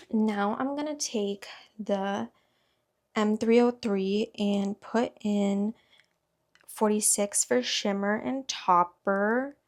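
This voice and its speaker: A woman beauty vlogger chats casually through a get-ready-with-me video, wandering from thought to thought with plenty of fillers. Her voice sits at an ordinary middle pitch for a woman. It often settles into a gravelly, fry-laden texture. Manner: rambling, filler-heavy, chatty.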